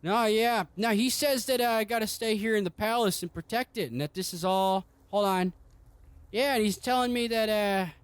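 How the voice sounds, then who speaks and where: A mad, befuddled old king, put on by a man running a tabletop game rambles in a distracted, halting way. His voice sits high, well above the narrator's own. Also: clear, resonant tone, dry recording, natural voice.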